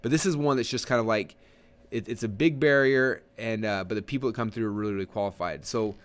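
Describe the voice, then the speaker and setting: A man in his thirties coaching an online audience through a live webinar walkthrough, rambling with frequent restarts and quick acted-out asides. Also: fairly low pitch.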